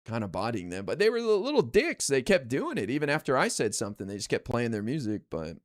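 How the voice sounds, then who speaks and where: A man telling a rambling, candid story in a casual monologue, full of fillers and profanity, jumping high in pitch when he quotes others. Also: huge pitch swings, fast talker. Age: adult, calls himself too old to yell at teens. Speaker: political commentary streamer.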